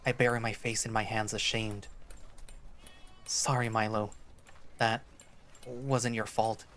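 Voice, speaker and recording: A man reading a visual novel aloud in a measured first-person narration, voicing the lead's dialogue. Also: fairly low pitch, little pitch movement, fairly bright tone, faint music behind.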